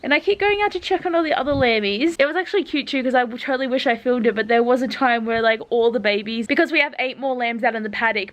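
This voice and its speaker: A young woman with an Australian accent chats straight to camera in a bright, high-pitched voice. She talks in an easy, gushing way, scattering "like" through her sentences as she vlogs. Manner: chatty and gushing, peppered with "like". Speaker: vlogger. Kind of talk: casual chat to camera.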